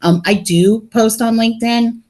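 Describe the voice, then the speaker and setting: A woman's voice: fairly high pitch, moderate pace, a little mellow. A middle-aged woman speaking candidly and with humor on a group video call, sharing her own layoff experience. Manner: candid, talkative, joking. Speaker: laid-off operations worker sharing in a support group.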